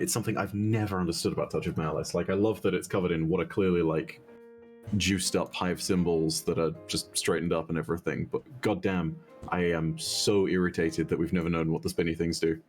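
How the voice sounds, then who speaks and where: A man who comments on game lore, chatting casually while they play. He rambles wryly and thinks out loud. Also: sits low, little pitch movement, fairly quick, faint music behind. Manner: rambling, wry, thinks aloud with fillers. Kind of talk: casual gaming chat.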